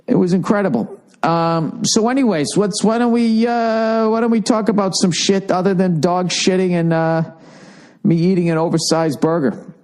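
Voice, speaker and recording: A man's voice: sits high, normal speed, a little mellow. A middle-aged man hosting a solo podcast, rambling in a profane, exasperated comic rant, overfull and thirsty. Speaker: podcast host.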